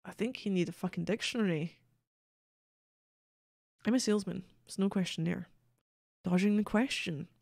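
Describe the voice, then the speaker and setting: Female streamer, sardonic, swears; dark, gravelly, dry. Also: mid-range voice, normal speed, pauses often, no room sound. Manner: sardonic, swears, reads game texts aloud. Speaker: game streamer. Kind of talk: casual gameplay commentary.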